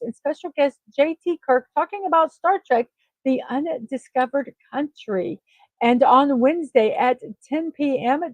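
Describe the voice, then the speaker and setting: A woman with a high, slightly mellow voice hosts a morning livestream of her own. She keeps the chat casual and friendly, with many ums and uhs, over a dry recording.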